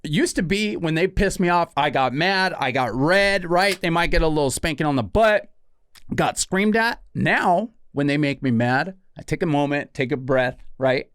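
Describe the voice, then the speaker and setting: A man's voice: fairly high pitch, moderate pace, smooth, no room sound, studio quality. A man in his forties, a podcast co-host, telling a story in casual chat and acting out the exchanges with "dude" and "right?". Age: 40s. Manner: animated, acts out quoted exchanges, frequent "dude" and "right?". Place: podcast studio.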